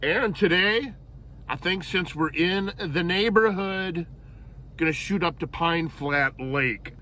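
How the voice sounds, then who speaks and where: A man's voice: sits high, slow, sharp tone, slight background noise. A man casually narrating his own camping vlog outdoors at a campground, jokey and playful. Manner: jokey, playful and self-amused. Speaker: vlogger.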